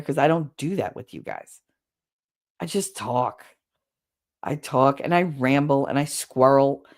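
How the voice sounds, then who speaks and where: A woman's voice: low voice, a little mellow. A woman hosting a livestream, talking casually and candidly with her chat, rambling and swearing now and then. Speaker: livestream host.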